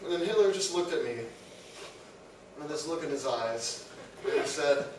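A young man doing stand-up with a high-pitched voice and a deadpan, absurd way of telling stories. He's picked up from far off in a very echoey room, with clear crowd noise around him. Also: moderate pace. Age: young adult. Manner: deadpan absurd storytelling, laughing at his own jokes. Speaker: student comedian. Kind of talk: stand-up comedy. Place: room with a live audience. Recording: echoey room, mic from afar, audience noise.

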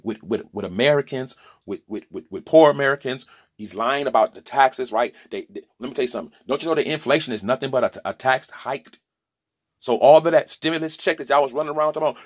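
In a mid-range voice at normal speed, a forties-aged man vlogs his opinions with real passion. He keeps repeating and restarting words while pushing his arguments, and he slips in preachy asides along the way.

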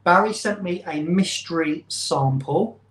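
A man's voice: a little high, measured pace, fairly bright tone. A man hosting a casual live stream, chatty and rambling, often poking fun at himself. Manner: chatty, rambling, self-deprecating. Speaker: channel host. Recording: roomy echo.

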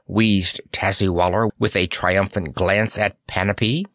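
A man's voice: low voice, fairly even intonation, unhurried, hardly any pauses, fairly bright tone, no room sound, clean studio sound. A man narrating a children's fantasy audiobook in a storytelling style. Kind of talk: scripted narration.

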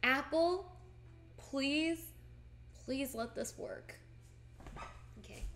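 A woman's voice: high-pitched, drawn-out words, background noise. A woman live streaming while she paints, chatting casually with viewers in a playfully melodramatic, mock-tearful way.

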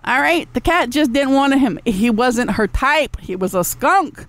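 A woman who rants through a solo podcast, swearing freely and scolding her listeners. Her high voice swoops up and down as she talks. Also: lively intonation, measured pace, fairly bright tone, dry recording. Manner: profane, exasperated, heavy drawl of casual slang. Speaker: podcast host.

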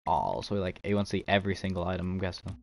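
A man's voice: low voice, expressive, fast, gravelly. A young man streaming a game, chatting casually with viewers, laughing and swearing easily. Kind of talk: casual live-stream chat while trading.

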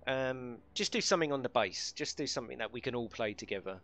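A man's voice: mid-range voice, animated, quick pace, fairly bright tone. A man streaming a racing game live, chatting casually with viewers and friends, swearing lightly and laughing often.

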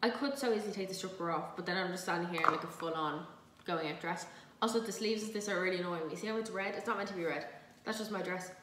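This young woman from Dublin, with a light Irish accent, vlogs while cooking at home, chatting in a rambling, self-mocking way and swearing freely. Her lowish voice moves at a quick pace, slightly off a distant mic, with background noise and echo from the kitchen.

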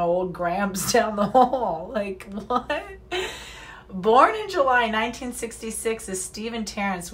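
A woman's voice: medium pitch, fairly bright tone. A woman reading a news story aloud and breaking off into sarcastic, profane, indignant asides. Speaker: commentary vlogger.

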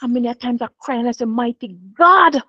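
A woman's voice: fairly high pitch, completely flat delivery, rapid-fire, dark tone, no echo. A middle-aged woman calling in to a prayer line, speaking in a pleading way and repeating her phrases. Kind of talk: emotional testimony. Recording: dry, dull lo-fi line.

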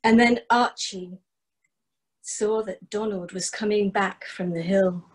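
Slow husky storyteller woman. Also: medium pitch, steady tone, poor audio. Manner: warm, measured, rhythmic telling. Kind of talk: traditional folk storytelling.

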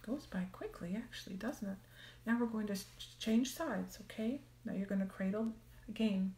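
Female meditation teacher, gentle, half-whispered delivery, warm tone, echoey room. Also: mid-range voice, normal speed, a little hiss or hum. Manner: soft, gentle, often drops to a whisper. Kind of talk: guided meditation on a live stream.

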